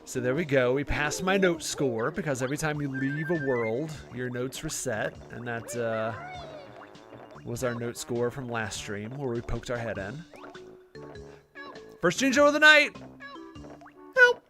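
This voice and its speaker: A man's voice: medium pitch, normal speed, over music. A man hosting a live gameplay stream, chatting casually in a rambling, self-deprecating way with plenty of fillers. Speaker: gaming channel host.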